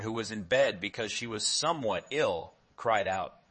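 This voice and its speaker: A man with a very low, forceful, bright-edged voice reading a fairy tale aloud. He tells it in a measured, expressive way, with clear, deliberate phrasing. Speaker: storyteller.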